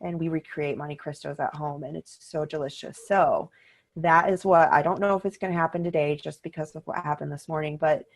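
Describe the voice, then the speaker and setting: A middle-aged woman co-hosting a podcast, chatting casually and telling animated, upbeat stories. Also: low-pitched, a little fast. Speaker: podcast co-host. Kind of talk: casual chat.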